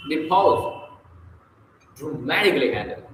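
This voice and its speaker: Male reader, slightly high voice, measured pacing, roomy sound with faint hum. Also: expressive, fairly bright tone. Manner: slow, deliberate reading with long pauses, occasional slips. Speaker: reader of a public speaking book. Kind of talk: reading a book aloud with recited verse.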